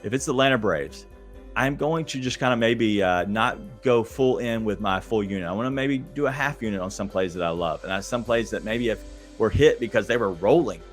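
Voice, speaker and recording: Low-voiced man chatting on a betting podcast. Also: fairly quick, faint music behind. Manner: chatty, speaks straight to listeners, lots of hesitation. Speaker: podcast host. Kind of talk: casual sports betting talk.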